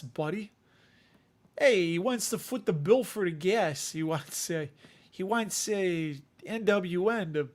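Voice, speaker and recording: A man with a Chicago accent and a fairly high voice hosts a casual livestream from home. He rambles and jokes at his own expense as he chats to his viewers. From Chicago area. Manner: rambling, joking, self-deprecating. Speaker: dividend investing livestream host.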